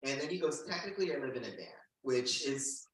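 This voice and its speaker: A man in his forties from the United States, a stand-up comedian telling a profane, animated story at a live storytelling show. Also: mid-range voice, fairly quick. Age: 40s. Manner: animated, profane, breaks into laughter. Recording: echoey room, mic at a distance.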